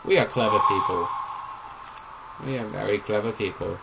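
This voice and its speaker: A man casually coaching a friend through a horror game, jumping between calm tips and sudden excited yelps. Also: fairly low pitch, moderate pace, creaky, heavy background noise. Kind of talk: casual gaming chat.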